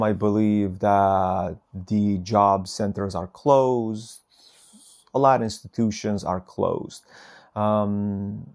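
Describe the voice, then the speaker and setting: A man's voice: lowish voice, creaky, darkish tone. A man who is not a native English speaker, talking casually to camera about his interpreting work, rambling with many hesitations. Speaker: phone interpreter.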